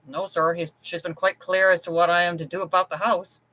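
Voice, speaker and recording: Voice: medium pitch, level tone, brisk, bright, forceful tone, close to an everyday voice. A reader voicing a blunt, protective chambermaid in an audiobook story. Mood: deferential. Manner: blunt, plainspoken.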